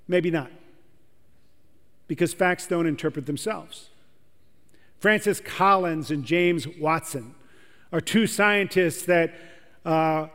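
High-voiced preacher in a big hall. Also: male voice, a bit bright. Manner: conversational, asks the audience questions. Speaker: pastor. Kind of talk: sermon. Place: large church hall with audience.

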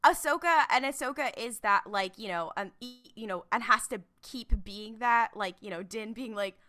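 A woman's voice: fairly high pitch, moderate pace, bright, forceful tone, faint music behind. A woman co-hosting a podcast in casual chat, rambling with many fillers and laughing as she talks. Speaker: podcast co-host.

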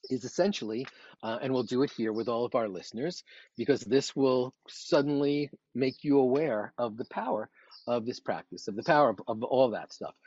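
Man, meditation teacher, calm and unhurried, guiding a breathing exercise, husky voice, dull lo-fi podcast sound. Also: medium pitch, no echo. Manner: calm, unhurried, talks listeners through slow breathing. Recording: dull, slightly lo-fi podcast audio.

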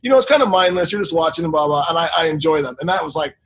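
A man's voice: a little high, expressive, racing, slightly rough. A man co-hosting a podcast, telling loose, rambling stories in casual chat and swearing freely. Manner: loose, profane, rambling storytelling. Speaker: podcast co-host.

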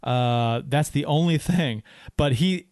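A man's voice: medium pitch, takes it slowly, darkish tone, dry recording, studio quality. A man co-hosting a casual hockey podcast, rambling with many restarts. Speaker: podcast co-host.

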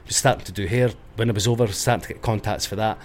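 A man's voice: fairly low pitch, steady tone, quick pace, a little hiss or hum. A middle-aged man from Scotland with a Scottish accent, chatting as a guest and telling rambling stories that he corrects as he goes. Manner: rambling storyteller, self-correcting. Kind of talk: casual interview chat.

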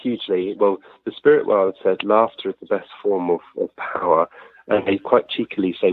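A low, husky male voice, telling stories in a lively, chatty way. He comes through a dry, tinny line that sounds like a phone call. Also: normal speed, no echo. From Sussex, England. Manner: chatty, animated storyteller with frequent self-corrections. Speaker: medium being interviewed. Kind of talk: conversational interview answers.

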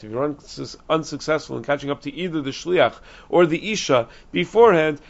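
A man teaching a Talmud lesson, explaining quickly and reasoning aloud with frequent restarts, dropping in Aramaic and Hebrew terms. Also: medium pitch, vocal fry. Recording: dull lo-fi recording.

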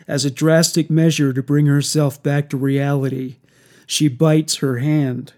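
A man narrating a dark horror story in a slow, even storytelling delivery. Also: on the high side.

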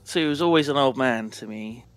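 A man's voice: medium pitch, fairly quick, faint music behind. A young man chatting casually on a podcast, rambling and self-mocking. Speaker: podcast co-host. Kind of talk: casual chat.

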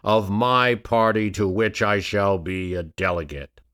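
A man's voice: lowish voice, a little slow, a bit bright, smooth. A man voicing an aging male politician who declaims formally and emphatically to a rowdy convention hall. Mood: declaiming.

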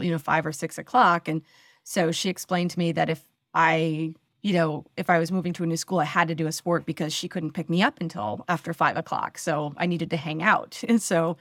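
A woman in her forties from the northeastern United States speaks in a low voice with clean, echo-free studio sound. As a podcast guest in a casual interview, she tells chatty, self-deprecating stories packed with fillers.

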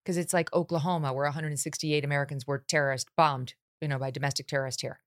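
A woman's voice: low-pitched, steady tone, quick pace. A woman hosting a political talk show, talking with sarcasm and mocking asides. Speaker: host.

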